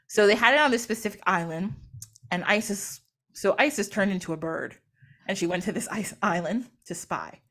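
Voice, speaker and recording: Here a young female podcast host tells a myth in a relaxed way, dropping slangy present-day quotes and laughing a lot. She speaks at medium pitch and a moderate speed, sounding expressive and slightly bright.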